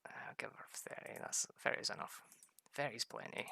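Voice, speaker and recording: A man's voice: a little fast, sharp tone, in a whisper. A man giving rambling, casual commentary over a video game, laughing often. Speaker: gaming video host.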